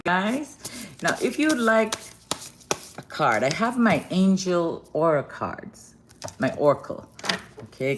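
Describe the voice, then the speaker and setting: Woman, live-stream card reader, affectionate, laughs often, lowish voice, very lively pitch, faint background hiss. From Guyana. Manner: affectionate, calls viewers darling and baby; laughs often between greetings. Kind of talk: casual live-stream chat and card reading. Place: hotel room.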